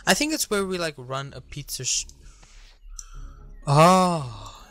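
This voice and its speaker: A man's voice: a little high, sing-song, a little fast, bright, forceful tone, dry recording, soft background music. A man hosting a casual let's-play, chatting and reading game dialogue aloud as he goes, often cutting himself off mid-word. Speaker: gaming channel host. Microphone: desk mic, no webcam.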